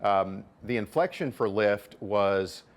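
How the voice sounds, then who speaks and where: Taking it slowly, a middle-aged venture capitalist and author responds to an interviewer in an explanatory manner. He frequently repeats words while building his argument. His pitch is fairly low and his delivery animated.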